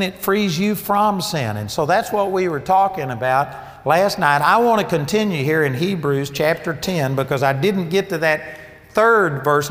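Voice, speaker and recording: A man preaching a sermon, emphatic and storytelling, his voice rising for key points. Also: on the high side. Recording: long reverb of a large hall.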